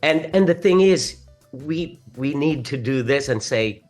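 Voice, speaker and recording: A man with a Filipino accent, a stage actor talking earnestly in a casual chat, excitable and stumbling over restarts. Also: on the high side, measured pace, faint music behind. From Philippines. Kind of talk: casual conversation.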